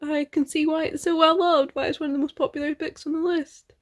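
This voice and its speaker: A young woman with a high voice talks through her reading in a casual vlog. She gushes and chats, full of "like" and small giggles. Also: steady tone, fairly quick. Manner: gushing, chatty, many fillers and giggles. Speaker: book vlogger.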